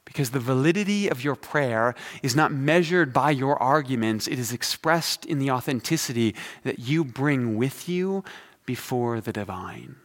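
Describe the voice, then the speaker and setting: A man's voice: mid-range voice, expressive, normal speed. A middle-aged male pastor giving a sermon, conversational and storytelling, with dry humor. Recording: long hall reverb.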